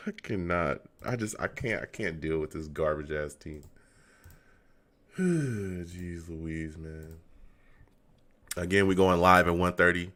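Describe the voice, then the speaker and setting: Slow, low-voiced exasperated man hosting. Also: a bit bright. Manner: laughs often, exasperated, repeats phrases. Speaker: host of a call-in fan radio show. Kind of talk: casual livestream chat.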